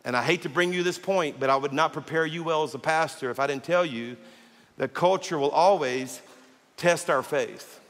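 A man's voice: fairly high pitch, normal speed. A man preaching a sermon as pastor, telling stories animatedly and acting out the dialogue. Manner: animated storyteller who acts out dialogue. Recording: long reverb of a large hall.

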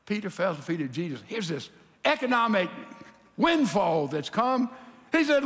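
A pastor preaching a sermon in a lively, animated way, acting out the people in his story. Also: high-pitched, moderate pace. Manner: animated preaching, acts out quotes. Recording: reverberant hall.

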